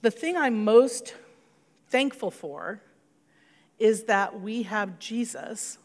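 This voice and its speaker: A woman's voice: on the high side, expressive, takes it slowly, darkish tone, big-room sound. A middle-aged woman pastor giving an earnest sermon, telling a personal story and leading into prayer.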